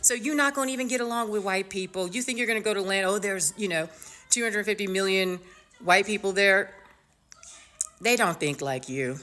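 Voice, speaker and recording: A woman's voice: medium pitch, moderate pace, sharp tone. A woman from the United States hosting her own show, giving a blunt, emphatic commentary monologue full of fillers and restarts. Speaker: show host.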